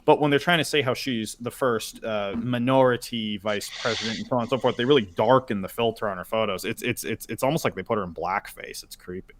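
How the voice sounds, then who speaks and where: A man's voice: on the low side, a little fast, few pauses, slight background noise. A man giving long, opinionated takes in a casual political chat, often restarting his sentences. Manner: opinionated, talks at length with restarts. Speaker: panel guest.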